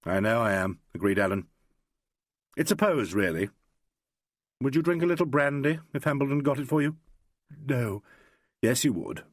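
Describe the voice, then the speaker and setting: A man reading an audiobook, voicing a calm, dry-humoured male detective who talks in a matter-of-fact way. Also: medium pitch, normal speed, pauses often, no echo, lightly acted.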